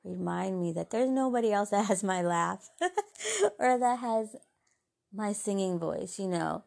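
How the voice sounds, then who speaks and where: A woman with a gravelly edge to her voice speaks in an earnest, heartfelt way as a podcast host. She offers faith-based encouragement and often drops into soft, gentle asides. Her pitch sits in an ordinary middle range. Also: big pitch swings, measured pace. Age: adult mother.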